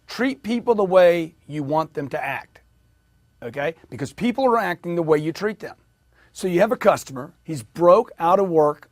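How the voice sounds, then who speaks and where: A man's voice: sits high, no room sound. Middle-aged guy doing a pumped-up sales pep talk, voice jumps all over, dry room. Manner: emphatic, acts out customer dialogue. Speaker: sales trainer.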